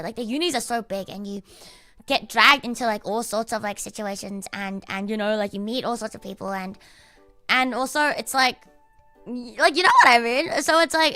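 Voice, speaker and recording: A woman's voice: a little high, pushed and bright, no echo. A young woman in her twenties, livestreaming and telling a story in rambling, profane casual chat full of "like" fillers.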